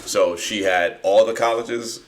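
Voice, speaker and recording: Man, 30s, from New Jersey, low voice; loose, animated podcast storyteller who swears freely. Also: unhurried, a little hiss or hum. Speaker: podcast co-host. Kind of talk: casual chat, storytelling.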